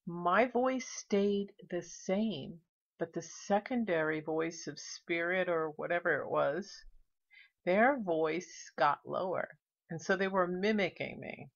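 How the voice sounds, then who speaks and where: A woman's voice: lowish voice, slow pace, muffled recording. A woman vlogger narrating casually, chatty and explaining each step. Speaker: paranormal vlogger.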